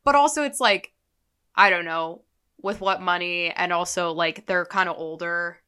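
A woman's voice: fairly low pitch, normal speed, sharp tone, smooth. A woman co-hosting a podcast, chatting casually and emphatically about a TV show with strong opinions. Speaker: podcast co-host. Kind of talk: casual recap chat.

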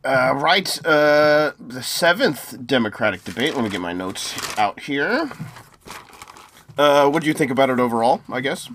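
A man's voice: medium pitch, animated, normal speed, fairly bright tone. A man from the United States with an American accent, co-hosting a podcast in easygoing casual chat, agreeable and prone to restarts. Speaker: podcast co-host.

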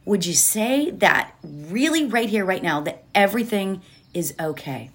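A woman speaks slowly and unhurriedly, giving a reflective motivational talk from home. She leans on repeated phrases and rhetorical questions in a gentle, mid-pitched voice. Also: lively intonation. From United States. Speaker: mindfulness speaker.

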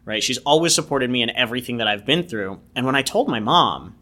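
A man's voice: medium pitch, lively intonation, fairly quick, pushed and bright. A man guest casually telling a personal story, rambling with lots of "like" and "you know". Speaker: podcast guest.

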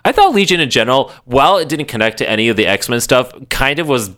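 A man's voice: mid-range voice, sing-song, quick pace, fairly bright tone. A man co-hosting a podcast in casual chat, rambling and swearing freely with lots of "like". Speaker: podcast co-host.

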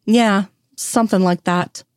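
A woman reading the lines of a bitter, grieving widowed man who talks curtly and roughly. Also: mid-range voice, steady tone, a little slow, no echo, clean studio sound, lightly acted. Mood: guarded. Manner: curt, rough and raw.

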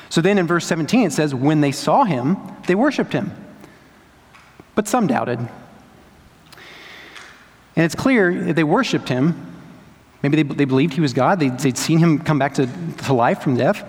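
A young adult man, preaching a sermon as a pastor in a conversational, storytelling way with lively asides. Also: high-pitched, brisk. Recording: long hall reverb.

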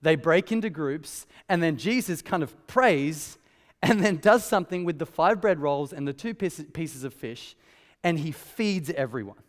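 A man preaching a sermon in a church, telling the story conversationally with lively asides. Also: on the high side, unhurried, big-room sound. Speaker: pastor. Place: church hall.

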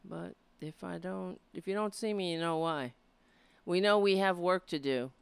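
A woman hosting her own show, rambling and rallying her supporters with a hoarse, cracking voice. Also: on the low side, moderate pace, no echo. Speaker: livestream show host. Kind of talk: casual livestream chat.

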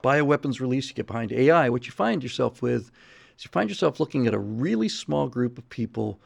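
A man's voice: mid-range voice, animated, fairly quick, creaky. A middle-aged man hosting a livestream in casual chat; he rambles and repeats words while reading viewer messages. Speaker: livestream host.

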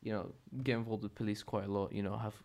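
A man's voice: on the low side, little pitch movement, fast talker, a little mellow. A young man hosting a podcast, telling a story in a rambling, profane, self-correcting way. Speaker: podcast host. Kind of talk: casual solo podcast storytelling.

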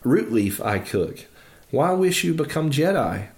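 A man's voice: on the high side, big pitch swings, a little slow, a little mellow, voice pushed up. A man reading the lines of an ancient small alien master, stern and patient, in clipped phrases with inverted word order.

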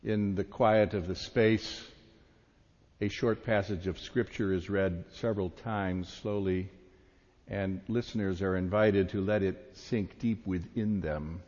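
A man delivering a sermon as a pastor, reading slowly and meditatively. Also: low voice, steady tone, a little mellow. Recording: echoey hall, dull sound.

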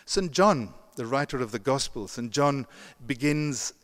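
Chatty preacher in a reverberant church. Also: male voice, medium pitch, animated, measured pace. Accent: non-American English. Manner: conversational, chuckling asides, frequent restarts. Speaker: pastor. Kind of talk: sermon. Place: church sanctuary.

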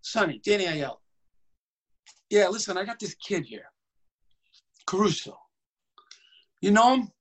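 A man's voice: sits high, lively intonation, a little slow, long pauses, a bit bright, voice pushed up, full character voice, rough recording. A man imitating an older male movie actor who talks brashly and emphatically.

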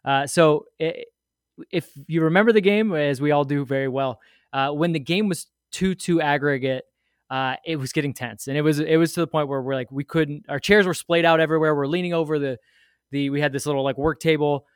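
Podcast guest, male, slightly high voice, rambling animated storyteller, dry close sound. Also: fairly quick, smooth, no echo. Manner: rambling, animated storyteller with many fillers and asides. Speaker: guest sharing a fan memory. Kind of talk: casual storytelling.

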